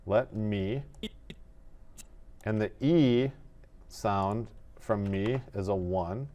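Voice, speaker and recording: A man teaching animation in a screen-recorded tutorial, explaining each step in a methodical, relaxed way. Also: lowish voice, takes it slowly.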